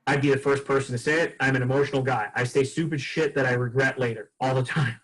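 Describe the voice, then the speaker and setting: Here a man leads sales training, acting out the dialogue as he shares customer stories in a casual, lively way. He speaks fast in a mid-range voice over poor audio.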